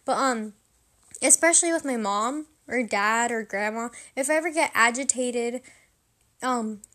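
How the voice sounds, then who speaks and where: A woman's voice: a little high, measured pace. A young woman hosting a podcast, rambling through a personal story in a casual, self-deprecating way. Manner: rambling, self-deprecating, animated when quoting herself.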